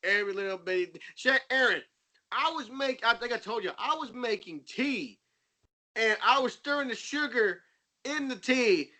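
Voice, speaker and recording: A man in casual chat, telling lively stories and acting out what others said. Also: extremely high pitch, moderate pace. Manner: animated storyteller, acts out quotes.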